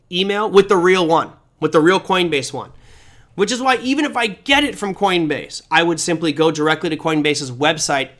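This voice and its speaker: Sharing his screen, a man runs a live online class on crypto trading, chatty and full of energy as he reads viewer comments out loud. His voice is a little high.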